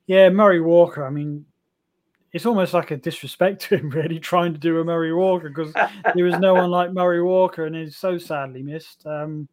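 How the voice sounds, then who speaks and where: An enthusiastic man guesting on a podcast, his voice sitting a touch high for a man. He talks in a loose, rambling way, full of "um" and "you know", running one thought into the next. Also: fairly even intonation, normal speed, a little mellow. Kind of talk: casual chat.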